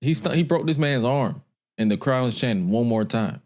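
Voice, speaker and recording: A man co-hosting a podcast in casual chat, animated, often acting out quoted lines in a raised voice. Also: moderate pace. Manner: animated, acts out wrestlers' lines in a higher voice. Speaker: podcast co-host.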